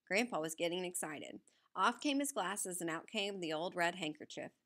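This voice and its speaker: A woman reading a novel aloud in the first person, steady and even as a storyteller. Her voice sits slightly low yet sounds bright and forceful. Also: normal speed. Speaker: audiobook narrator.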